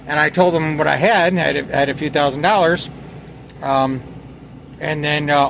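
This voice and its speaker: A man's voice: on the high side, steady tone, moderate pace, vocal fry, long pauses, a bit bright, slight background noise. A man vlogger angrily recounting a story in a casual, swearing way. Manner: agitated, swearing, quoting others in retelling. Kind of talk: angry personal story vlog.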